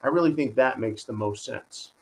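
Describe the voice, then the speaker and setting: A man's voice: medium pitch, normal speed, rough recording. A man hosting a live stream, giving combative political commentary and reading viewer donations, often turning to his audience with "folks" and "right?". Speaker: host of a live stream show.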